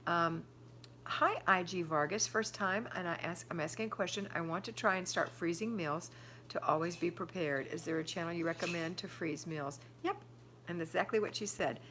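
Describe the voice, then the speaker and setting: A woman's voice: fairly low pitch, normal speed, pushed and bright, slight background noise. An older woman hosting a live stream, chatting casually, reading out viewer comments and giving firm homemaking advice. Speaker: livestream host answering viewer chat.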